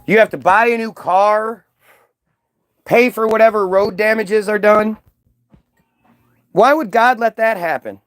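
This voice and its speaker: A man's voice: high-pitched, unhurried, long pauses, fairly bright tone, no echo. A man delivering a profane, sarcastic ranting monologue, mocking as he goes. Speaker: vlogger.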